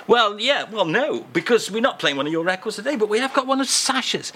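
A man's voice: high-pitched, big pitch swings, fairly quick, few pauses, fairly bright tone, breathy edge. A man hosting a radio show, bantering playfully and teasingly in a comedy segment. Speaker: radio host.

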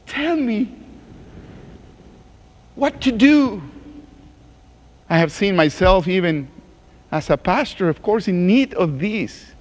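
Male pastor preaching, high and lively pitch, unhurried, long hall echo. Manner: reads scripture slowly, drops to a hushed groan. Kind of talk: sermon.

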